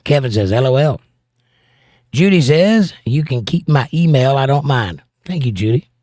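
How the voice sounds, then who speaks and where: A man's voice: mid-range voice, animated, brisk, darkish tone, no echo, clean studio sound. A middle-aged American man hosting a casual livestream, reading viewer comments aloud with playful, combative banter. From United States. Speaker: livestream host.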